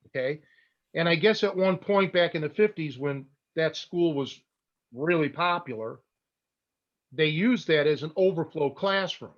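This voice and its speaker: A fairly high-voiced man spins a casual story on a podcast, as a wrestling coach talking to his students. He talks in bursts, trips over his own restarts and drops blunt asides. The audio is dull and lo-fi. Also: unhurried.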